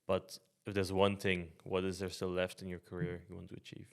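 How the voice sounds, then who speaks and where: A man from Belgium with a low voice hosts a casual podcast. He tells stories in fits and starts, repeating words, with a dry joking edge. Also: monotone, fairly quick, vocal fry, clear, resonant tone. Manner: storytelling, stammering restarts, dry humor. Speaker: podcast host.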